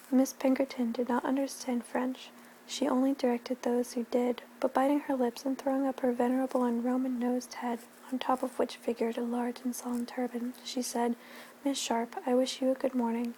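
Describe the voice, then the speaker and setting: A woman giving a gentle, soft-spoken ASMR reading of a classic novel at home, her voice dropping at times into a whisper. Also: on the high side, a little hiss or hum, low-quality recording. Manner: gentle, hushed, slipping into whispers. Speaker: ASMR reader.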